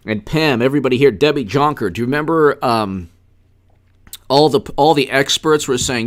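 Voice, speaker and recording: A man's voice: medium pitch, normal speed. A man hosting a political livestream, greeting chat viewers and mocking his opponents sarcastically. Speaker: political commentator. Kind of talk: livestream commentary reading chat.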